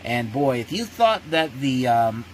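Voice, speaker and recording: A man's voice: medium pitch, sing-song, measured pace, slight background noise, rough recording. A man giving a casual spoken movie review as host, blunt and ranting, often breaking off and restarting his sentences.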